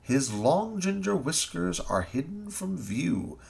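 A man's voice: a little high, very animated, slow pace, gravelly, a little mellow. A man narrating a rhyming children's story in a sing-song, theatrical way.

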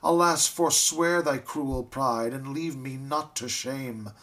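A man's voice: medium pitch, slow pace, fairly bright tone, pitched above the performer's own voice. A man voicing a desperate wronged young woman. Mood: anguished. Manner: raised, anguished pleading. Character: ruined young woman, desperate and grief-stricken.

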